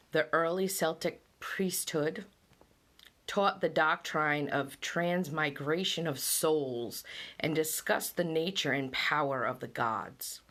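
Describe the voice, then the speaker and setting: In a casual vlog, a middle-aged woman born and raised on an island reads facts and then muses and laughs about them. Her voice is low with a fairly bright tone.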